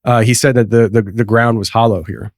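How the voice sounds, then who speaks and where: A man's voice: fairly low pitch, fairly even intonation, a little fast, dry recording, clean studio sound. A man hosting a podcast, telling a story in a loose, rambling way with many restarts and frequent laughs. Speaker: podcast host. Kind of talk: casual conversation.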